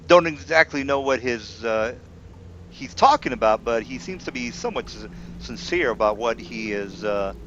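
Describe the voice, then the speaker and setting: Guy running a tabletop game, stops and starts a lot, muffled low-fi mic. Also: expressive, fairly bright tone. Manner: halting, many fillers, voices the kobolds in quotes. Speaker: game master. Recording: dull lo-fi home recording with faint noise.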